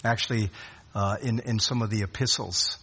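A man preaching a sermon, swinging between loud rising questions and hushed low drops, often repeating words as he restarts a phrase. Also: steady tone, moderate pace, slightly rough. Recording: long hall reverb.

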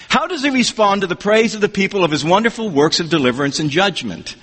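A man preaching an expository sermon, reading scripture in a measured, emphatic way. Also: high voice, expressive, a bit bright. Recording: long hall reverb.

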